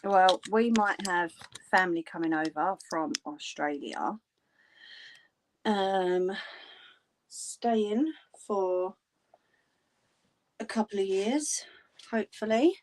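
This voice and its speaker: A woman's voice: mid-range voice, takes it slowly, pauses often. A woman chatting casually with viewers on a craft livestream. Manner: chatty, talks to viewers in the chat.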